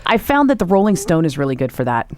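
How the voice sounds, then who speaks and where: A woman's voice: deep voice, very animated, quick pace, no echo, studio quality. A woman hosting a radio show, playful and teasing with her guest. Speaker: radio host. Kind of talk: casual radio chat. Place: radio studio. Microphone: studio microphone.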